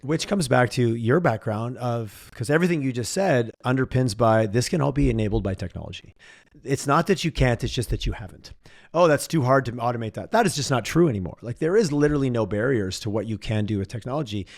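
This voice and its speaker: A male podcast host chatting casually, talking in animated run-on bursts. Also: medium pitch, brisk, vocal fry. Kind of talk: casual conversational interview.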